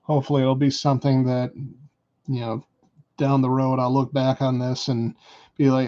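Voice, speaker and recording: A man's voice: mid-range voice, little pitch movement, moderate pace, pauses often, mellow. A man chatting casually with viewers on a live stream as he paints a miniature, thinking aloud as he works. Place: indoors at a hobby table. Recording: dull lo-fi stream audio.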